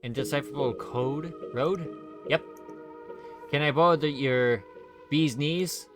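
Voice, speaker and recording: A man's voice: a little high, unhurried, over music. A man streaming a game, reading its lines aloud in a plain, matter-of-fact way.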